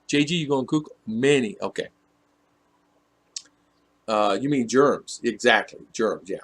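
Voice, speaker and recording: A man's voice: mid-range voice, animated, unhurried, a bit bright. A man hosting a casual live stream, reading viewers' comments aloud and teasing them in a chatty way. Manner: teasing, chatty, laughs often.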